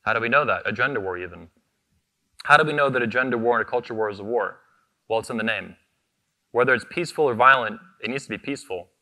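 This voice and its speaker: Speaking fast in a mid-range voice that is pushed and bright, a man gives a combative, profane keynote at the convention he founded. On stage at a microphone, he keeps hammering short repeated phrases.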